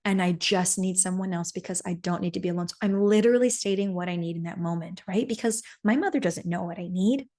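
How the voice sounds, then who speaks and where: A woman's voice: fairly low pitch, fast talker, few pauses, darkish tone. A woman podcast host telling a personal story in an earnest coaching manner, often checking in with "right?".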